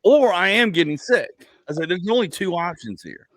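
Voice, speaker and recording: A man's voice: high voice, big pitch swings, normal speed, a bit bright, dry recording, clean studio sound. A man in his forties hosting a casual comedy podcast, telling rambling stories full of "like" and acted-out asides. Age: 40s. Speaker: podcast host.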